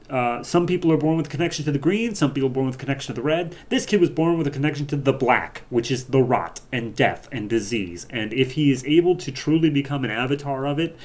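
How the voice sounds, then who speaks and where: A man as podcast host, casually recapping a comic book in an animated way, acting out the characters. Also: medium pitch. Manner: animated retelling, acts out voices.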